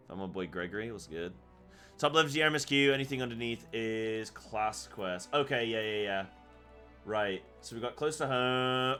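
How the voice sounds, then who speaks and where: Chatty, excitable male game streamer. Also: medium pitch, normal speed, smooth, faint music behind. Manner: chatty and excitable, talks to his chat. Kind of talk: casual live game commentary.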